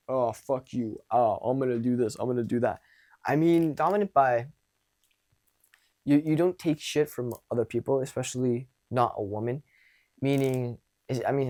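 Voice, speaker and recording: A man's voice: medium pitch, warm tone. Blunt, profane young male dating coach. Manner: blunt, profane, acts out quoted exchanges. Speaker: dating and social skills coach. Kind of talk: casual advice monologue.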